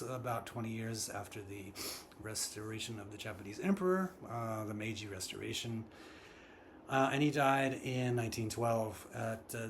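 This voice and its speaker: A man with a mid-range voice tells a folk tale, then talks through its background. His delivery is relaxed and halting, full of ums and uhs. A faint hum of ambience runs under him. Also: medium pitch. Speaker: storyteller and channel host. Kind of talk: casual storytelling and commentary.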